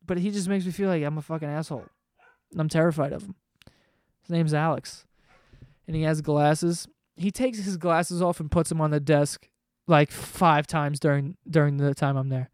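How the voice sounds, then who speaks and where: Male vlogger, 20s, slightly high voice, profane rambling rant. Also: fairly even intonation, brisk, darkish tone, clean tone, no room sound, clean studio sound. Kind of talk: casual rant to camera. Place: home room below living room.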